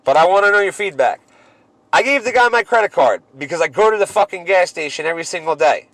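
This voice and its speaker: A man's voice: on the high side, no echo. Profane man in his thirties, dry sound. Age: 30s. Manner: profane, animated storytelling. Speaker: podcast co-host. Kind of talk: casual podcast chat.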